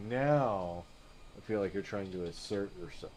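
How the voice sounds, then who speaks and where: A man's voice: on the low side, animated, a little slow, a little mellow, slight background noise. A man chatting casually on a live flight sim stream, rambling and laid-back, often saying "dude" and "you know what I mean.".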